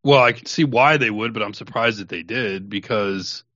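A man's voice: lowish voice, moderate pace, pushed and bright, no echo, dull audio. A man on a podcast chatting in a rambling way, with lots of "I mean" as he thinks aloud. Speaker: podcast co-host. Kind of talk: casual chat.

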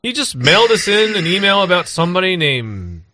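A man's voice: high voice, big pitch swings, fairly quick, pushed and bright, a little hiss or hum. A man with a New Jersey accent, co-hosting a podcast in casual comedic banter, crude and joking. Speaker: podcast co-host.

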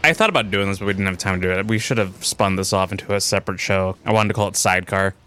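A man co-hosting a podcast in casual chat, self-deprecating and quick to laugh. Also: low-pitched, sharp tone, a little hiss or hum. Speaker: podcast co-host.

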